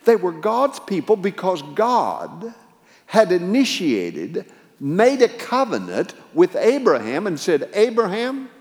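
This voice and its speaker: A man delivers a sermon in a large hall, his voice sitting a little high for a man. He retells scripture dramatically, rising and falling in volume, and the room leaves a long reverb trailing behind him. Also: very animated, takes it slowly, a little mellow. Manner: dramatic retelling, dynamic pitch and volume swings. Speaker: preacher.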